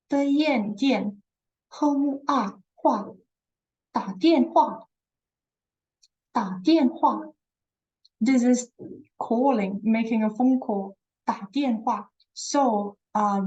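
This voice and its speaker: A woman teaching a beginner language class, talking slowly and patiently. Her voice sits a little high, and she repeats each word and praises her learners as she goes. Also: darkish tone, muffled recording. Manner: repeats words slowly, encouraging, says "very good". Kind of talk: slow, patient language lesson.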